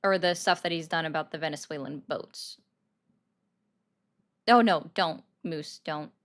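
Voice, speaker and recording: A woman's voice: low-pitched, unhurried, a bit bright. A young woman, hosting a casual live stream, chatting with viewers and taking calls. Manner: chatty, reacts to viewer comments. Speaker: livestream political commentary host.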